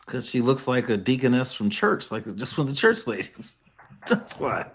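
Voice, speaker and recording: A man's voice: mid-range voice, very animated, moderate pace, fairly bright tone, slight background noise. A man co-hosting a podcast in casual chat, teasing playfully and laughing through his jokes. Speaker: podcast co-host.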